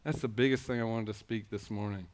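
Speaking fast in a fairly low, steady voice, a man at church recounts his personal testimony. His rambling, self-interrupting phrasing carries an earnest appeal to the congregation.

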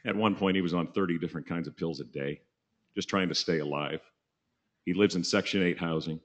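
A man's voice: sits low, brisk. A man preaching through a personal story in a casual, joking way, slipping into voices. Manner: casual, jokey, animated, does voices. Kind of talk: sermon storytelling.

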